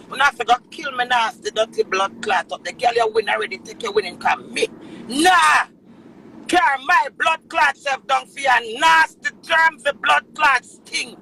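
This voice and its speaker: A middle-aged woman with a Jamaican accent, delivering an emotional, defiant social media rant that swings into shouting. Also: high-pitched, creaky, slight background noise, low-quality recording. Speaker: dancehall artist.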